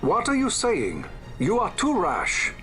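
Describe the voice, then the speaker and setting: An actor voicing a cautious male fleet commander who issues sharp warnings. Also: high-pitched, huge pitch swings, slow, over music, exaggerated voice. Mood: alarmed.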